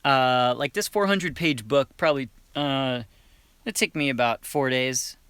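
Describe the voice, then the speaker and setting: Young male voice actor, casual stream chatter, bright tone, dry sound. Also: mid-range voice, a little slow, clear, resonant tone, no room sound. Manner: chatty, laughs often, many restarts. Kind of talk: casual livestream chat.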